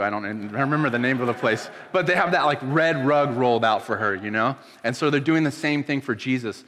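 A pastor giving a casual, emotional sermon, telling the story loosely and dropping soft when moved. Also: male voice, mid-range voice. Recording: long hall reverb.

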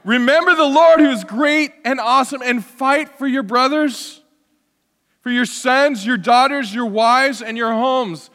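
A man putting on a Scottish accent to play a rousing male leader giving a loud rallying battle cry. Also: very high-pitched, measured pace, in a large hall, voice pushed up, heavily acted.

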